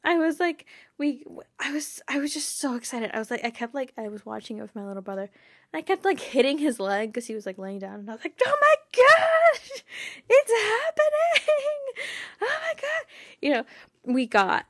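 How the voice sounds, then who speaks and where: A woman hosts a casual fan podcast in a bright, higher voice. She gushes and giggles, and her thoughts tumble out loosely. The sound is dry and close, with no room around it. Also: a little fast, no room sound. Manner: bubbly, giggly, gushing; rambling with frequent fillers like "like" and "you know". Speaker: podcast host.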